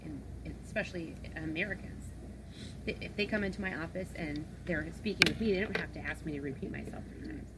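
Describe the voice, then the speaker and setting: A woman's voice: low-pitched, brisk, very noisy. A woman co-hosting a podcast, chatting casually and laughing easily. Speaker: podcast co-host. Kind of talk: casual chat.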